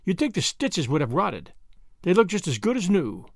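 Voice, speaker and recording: A man's voice: high voice, very animated, moderate pace, no room sound, studio quality, exaggerated voice. A man voicing an earnest, uneasy young Englishman who speaks in a clipped, anxious way.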